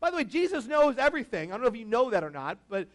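A man's voice: extremely high pitch, very animated, very fast. A man preaching a casual, conversational sermon, laughing often and asking the congregation questions. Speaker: pastor.

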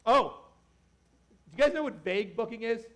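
Guy pastor w a high voice, chatty jokey sermon, lots of little asides to the crowd. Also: moderate pace. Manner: animated, joking, talks to the crowd with asides. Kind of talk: casual conversational sermon.

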